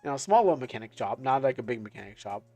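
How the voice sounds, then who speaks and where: A man's voice: mid-range voice, sing-song, very fast, darkish tone, faint music behind. A man streaming casually, rambling through stories with lots of fillers and restarts.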